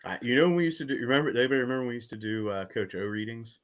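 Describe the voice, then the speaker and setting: Lively male sports podcast co-host. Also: medium pitch, very fast. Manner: lively, recaps scores in an announcer-like lilt. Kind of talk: casual sports chat.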